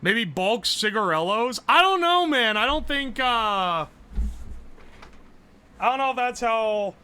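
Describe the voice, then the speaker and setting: A man streaming live, chatting casually, loud and profane, yelling nearly every phrase. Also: extremely high pitch, animated, slow, smooth. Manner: brash and profane. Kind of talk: casual livestream chat.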